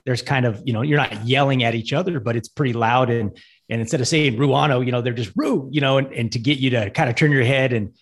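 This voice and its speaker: A middle-aged man guest-hosts a casual podcast chat. His voice is gravelly with a lot of fry. He talks in a relaxed way, often pausing and using fillers. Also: mid-range voice. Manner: halting, many fillers and restarts, laid-back. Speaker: podcast guest co-host, firefighter.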